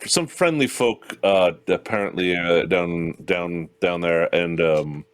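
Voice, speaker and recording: A man's voice: low voice, slow pace, clean tone. A man playing his character in a tabletop game, jokey and theatrical. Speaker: player.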